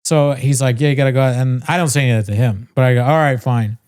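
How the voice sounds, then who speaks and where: A man's voice: mid-range voice, steady tone, fast talker, darkish tone, clean tone. A man co-hosting a podcast, casually telling a long story, swearing freely and mimicking the people in it. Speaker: podcast co-host.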